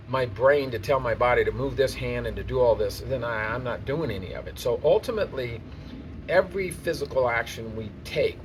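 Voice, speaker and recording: A man teaching golf outdoors on the course, explaining in a casual, plainspoken, conversational way. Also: medium pitch. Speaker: golf instructor. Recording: distant mic, faint outdoor noise.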